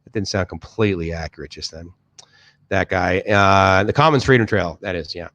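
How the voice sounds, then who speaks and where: Low-voiced man rambling on a live stream. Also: normal speed, a bit bright, no echo, dull audio. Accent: Boston. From Boston area, USA. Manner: rambling, many restarts and fillers. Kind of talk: casual live-stream chat reading comments. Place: home, in Bangkok.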